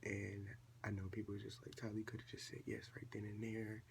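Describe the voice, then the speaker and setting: A seventeen-year-old young man, a vlogger telling a casual storytime at home and acting out quoted dialogue in a chatty, animated way. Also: fairly low pitch, fast, creaky, a little hiss or hum. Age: late teens.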